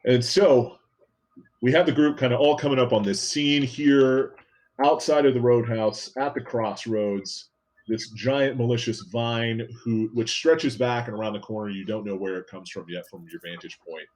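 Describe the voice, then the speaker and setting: A man running a tabletop role-playing game as game master, explaining rules and narrating scenes in a relaxed way with frequent fillers. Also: medium pitch, normal speed.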